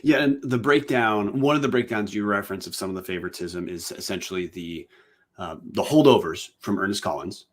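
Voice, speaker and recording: Lower-voiced man hosting a podcast. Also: a little fast. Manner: long, winding questions with self-corrections. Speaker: podcast co-host. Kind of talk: podcast interview.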